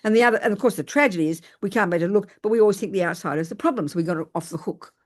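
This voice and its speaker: An older woman, a Buddhist teacher giving a dharma talk. She tells lively, self-mocking personal stories and often restarts her sentences. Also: mid-range voice, racing.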